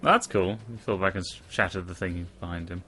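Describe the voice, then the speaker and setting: A man's voice: low-pitched, fairly even intonation, a little fast, pushed and bright. A man co-hosting a casual let's-play, making dry, offhand remarks on a PC microphone. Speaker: co-host gamer. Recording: game gunfire and noise behind.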